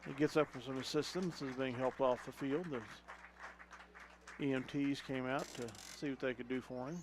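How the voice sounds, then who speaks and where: A man working as play-by-play announcer for a local high school football broadcast, calling plays with folksy excitement and the odd chuckle. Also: moderate pace, noisy background. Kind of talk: local sports commentary.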